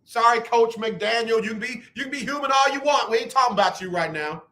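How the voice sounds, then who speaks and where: A man hosting a sports talk radio show, teasing callers and trash-talking loudly. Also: very high voice, a little fast.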